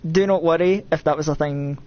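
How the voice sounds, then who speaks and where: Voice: medium pitch, fairly quick, a little mellow, lo-fi sound. A game streamer with a Scottish accent, from Scotland, giving rambling, self-mocking live commentary with nervous outbursts.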